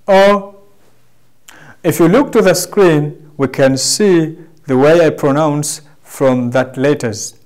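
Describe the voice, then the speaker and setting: A man with a Tanzanian accent teaching a language lesson, carefully demonstrating sounds and explaining them slowly to his students. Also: a little high, darkish tone.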